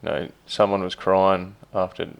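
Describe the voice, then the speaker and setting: A low-voiced man talking in a relaxed podcast chat. His voice is gravelly yet smooth and clear. He rambles easily, with lots of fillers and the odd swear word. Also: moderate pace, highs cut off. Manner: laid-back, swears casually, many fillers. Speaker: podcast co-host, stepdad. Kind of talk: casual chat.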